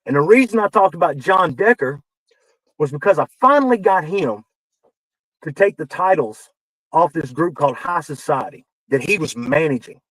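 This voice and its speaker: A man, a wrestling veteran guest on a podcast, telling backstage stories in a casual, animated way, acting out quoted dialogue and swearing as he gets heated. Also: fairly high pitch, moderate pace, no room sound, poor audio. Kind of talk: casual storytelling.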